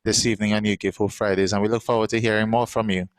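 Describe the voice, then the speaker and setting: A chatty, encouraging man hosts a live online show, steering the guests along with plenty of fillers. His voice is clear and resonant. The sound is dry, with very little room around it. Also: on the low side, little pitch movement, racing, no room sound, rough recording. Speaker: host.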